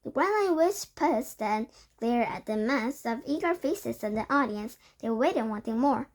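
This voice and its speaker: High-voiced woman reading aloud. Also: a little slow. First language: Korean. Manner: steady read-aloud narration. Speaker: reader.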